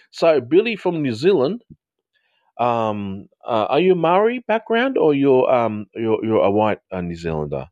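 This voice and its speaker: A man in his fifties hosting a live stream, chatting casually with viewers in a rambling way and quick to laugh. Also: mid-range voice, expressive, darkish tone, no room sound, dull audio. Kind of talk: casual live chat reading viewer comments.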